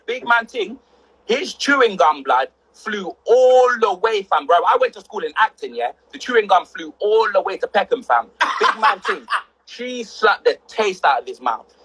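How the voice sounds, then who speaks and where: A man's voice: high-pitched, fairly bright tone, breathy edge, low-quality recording. A young man, bantering on a livestream in heavy slang and exaggerating for laughs. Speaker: livestream co-host. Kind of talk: casual banter.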